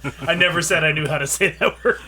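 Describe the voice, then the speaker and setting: A man's voice: fairly high pitch, fast, pushed and bright. A man co-hosting a casual podcast chat, talking with hesitant restarts. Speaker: podcast co-host.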